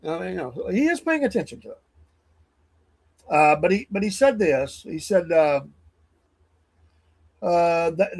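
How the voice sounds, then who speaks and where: Rambling male news commentator, higher voice. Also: a little mellow. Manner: rambling, chuckling, off-the-cuff. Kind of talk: casual political commentary.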